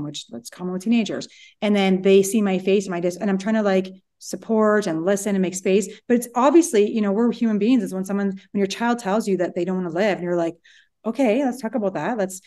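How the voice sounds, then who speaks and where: A woman in her forties, a psychologist co-hosting a chat podcast, telling stories quickly and acting out what people said. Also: medium pitch. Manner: quick animated storytelling, acts out quotes. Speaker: podcast co-host, relationship psychologist. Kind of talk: casual chat.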